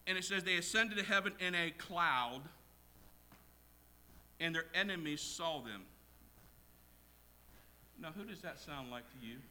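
Preacher guy in a church, high bright voice, goes quiet then suddenly loud. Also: moderate pace, pauses often. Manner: swings from quiet asides to loud shouted quotes. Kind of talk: sermon. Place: church with congregation.

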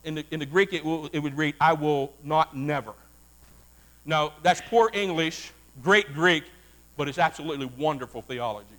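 A man preaching a sermon as a Baptist pastor, animated and folksy, calling out to his congregation. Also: a little high, a little fast.

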